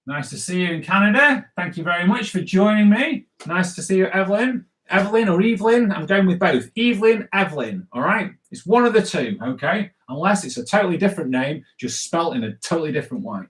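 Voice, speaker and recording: A man's voice: high-pitched, lively intonation, fairly quick, few pauses, fairly bright tone. A man leading a live drawing lesson for kids, upbeat and chatty, always checking in with "all right?". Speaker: comics drawing teacher. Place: indoors at home. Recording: roomy echo.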